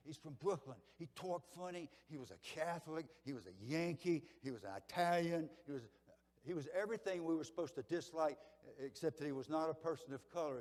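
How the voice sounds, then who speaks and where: A man's voice: a little high, big-room sound. Older man giving a keynote speech. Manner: folksy storytelling, swinging between loud and hushed. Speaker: keynote speaker. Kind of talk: motivational banquet speech.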